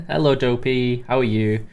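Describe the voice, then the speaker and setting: A man's voice: mid-range voice, a little mellow. A British man hosting a live game stream, reading out chat names and walking new players through the basics in a chatty way, with many fillers and restarts.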